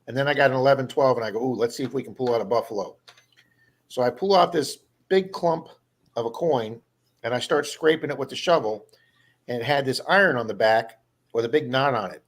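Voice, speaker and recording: A man hosting a casual live stream, telling long stories and acting out the people he met. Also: mid-range voice. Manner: rambling storyteller, acts out quoted people. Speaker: live stream host, metal detectorist.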